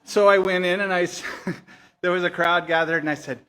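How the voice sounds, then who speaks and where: A man's voice: sits high, steady tone, normal speed, sharp tone, slight background noise. A man hosting a live story night, chatting and joking with the audience between acts. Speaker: event host. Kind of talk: casual emcee chat with an audience.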